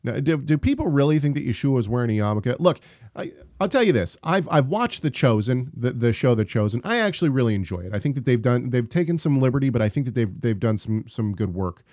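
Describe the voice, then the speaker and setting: A man in casual podcast chat, an animated storyteller who laughs often and restarts his sentences. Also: mid-range voice, fast, no room sound, studio quality. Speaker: podcast co-host.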